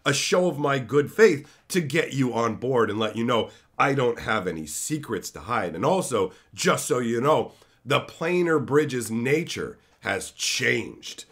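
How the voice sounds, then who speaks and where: A man voicing a scheming cyborg who calmly reassures others while retelling a story. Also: mid-range voice, measured pace. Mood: earnest. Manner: soothing, reassuring.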